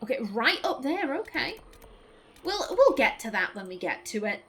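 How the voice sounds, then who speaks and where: A woman's voice: high voice, very animated, normal speed, fairly bright tone, slight background noise. A woman giving casual, chatty gameplay commentary as a let's play host, politely apologizing to game characters.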